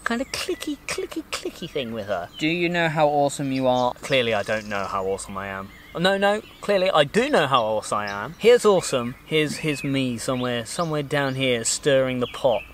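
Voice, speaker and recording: A man, in his thirties, talking through listener questions on his podcast. His voice sits at an ordinary middle pitch and he rambles along casually, often poking fun at himself. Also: lively intonation, fairly quick, hardly any pauses, slight background noise. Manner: chatty and rambling, self-deprecating. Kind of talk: casual chat.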